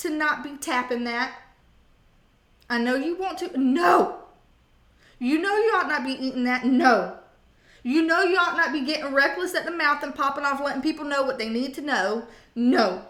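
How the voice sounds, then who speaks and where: A woman with a slightly high voice gives a casual tarot reading. She is blunt and sassy and swears playfully. Her voice carries a roomy echo. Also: fairly bright tone. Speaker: tarot reader.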